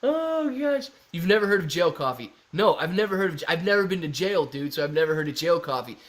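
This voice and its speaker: A man's voice: a little high, quick pace, a bit bright. A young man hosting a casual livestream, joking around and reading viewer comments aloud. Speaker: livestream host.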